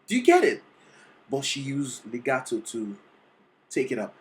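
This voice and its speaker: A vocal coach reacting to a singing performance, excitable and teacherly, often checking in with the listener. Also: mid-range voice, normal speed, background noise. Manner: excitable, sings short demonstrations between explanations; teacherly, keeps checking in with "okay?". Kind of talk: reaction video commentary.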